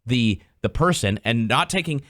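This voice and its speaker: A man's voice: mid-range voice, dry recording, studio quality. A man hosting a casual business podcast, acting out customer conversations as he explains. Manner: animated, acts out customer dialogues in quick voices. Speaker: podcast host.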